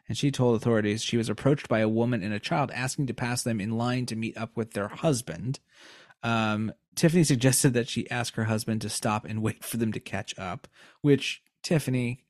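A young man co-hosting a podcast reads a news story in casual chat, tossing in sarcastic jokes as he loses his voice. He has a medium-pitched voice, recorded with studio quality and no echo.

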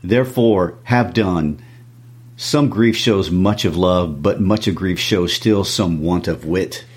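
Stern vengeful noble mother, read by a man in a low husky voice for a class read-aloud. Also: takes it slowly, full character voice.

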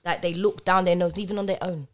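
Lively woman in a group chat. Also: fairly low pitch, fast. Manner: animated, emphatic storytelling with slang.

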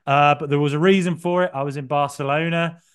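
A man chatting on a football podcast, his voice a touch high and notably smooth and clear. He rambles through stories with plenty of fillers and a self-deprecating streak. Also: steady tone, fast talker. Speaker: podcast co-host. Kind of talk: casual podcast chat.

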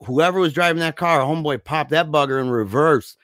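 A man casually telling a story, slangy and animated, acting out the voices of the people in it. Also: fairly high pitch, fairly quick, no room sound, clean studio sound. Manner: animated, acts out voices in his stories; slangy, says dude and man often. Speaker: podcast co-host telling a story.

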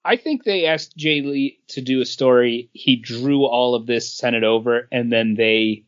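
A man's voice: medium pitch, measured pace, dull audio. A man co-hosting a casual comics podcast, chatting in an easygoing, agreeable way. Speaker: podcast co-host.

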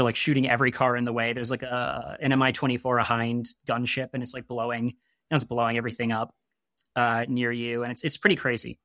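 Man, mid-pitched voice, loose rambling storyteller heavy on fillers, close and dry sound. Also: pushed and bright, no room sound. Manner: laughs at his own jokes. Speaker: podcast guest. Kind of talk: casual chat.

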